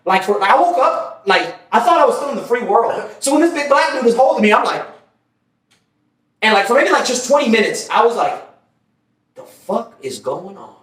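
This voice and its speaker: Animated high-voiced man telling stories. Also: brisk. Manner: animated, profane, laughs while telling stories. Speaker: podcast co-host. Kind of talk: casual chat, storytelling. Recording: echoey room, mic at a distance.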